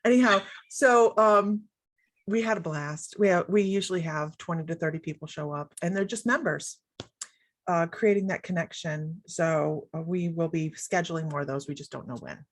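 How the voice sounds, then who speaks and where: Middle-aged lady, lowish voice, bubbly and rambly, laughs a lot, casual chat. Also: normal speed, no room sound. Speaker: guest, psychic medium.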